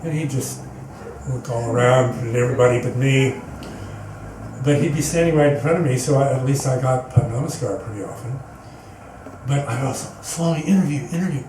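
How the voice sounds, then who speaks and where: Speaking at normal speed in a mid-range voice, a man tells a personal story as a guest at a spiritual center, earnestly rambling and frequently starting his sentences over. He's recorded indoors in an echoey meeting hall from a distant mic, with background noise.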